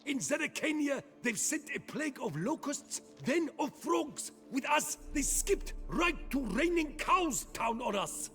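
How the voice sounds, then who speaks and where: Game role: jumpy, superstitious worker, high and animated, rambling in alarm. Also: male voice, a little slow, hardly any pauses, faint music behind, heavily acted. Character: panicky, superstitious male quarry worker. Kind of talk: video game dialogue.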